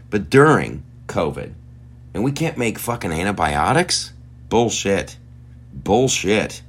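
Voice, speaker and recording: A man's voice: sits low, big pitch swings, a little slow, slightly rough. A man hosting a podcast, delivering a heated, profane and sarcastic rant. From United States. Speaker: podcast host. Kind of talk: ranting podcast monologue.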